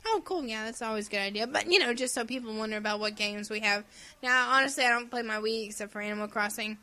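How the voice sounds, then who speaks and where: A woman co-hosting a casual gaming podcast, giggly and animated, who often acts out silly voices. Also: on the high side, fast. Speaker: podcast co-host.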